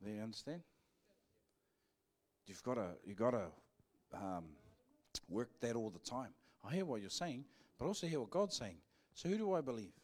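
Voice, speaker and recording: A pastor from New Zealand, preaching live at a church service, banters playfully with the congregation and plays out two-sided dialogues. His medium-pitched voice is animated, moving at a normal speed with long pauses.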